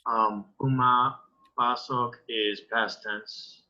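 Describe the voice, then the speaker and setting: A man, a language student, reading practice words aloud slowly and carefully. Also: medium pitch, steady tone, pushed and bright, muffled recording.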